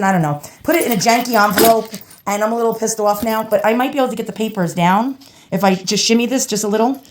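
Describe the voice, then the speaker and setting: A woman with a New York accent who chats casually to viewers while she unboxes and cleans an old relic, talking straight to the audience. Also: on the high side. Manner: chatty, animated, talks to viewers directly. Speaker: relic restorer and video host.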